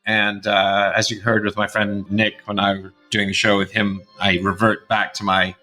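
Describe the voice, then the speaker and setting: A man's voice: lowish voice, flat delivery, normal speed, sharp tone, soft background music. A man in his fifties hosting a podcast, chatting casually and rambling through a closing monologue. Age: 50s. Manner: chatty, rambling, shifts between accents. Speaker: podcast host.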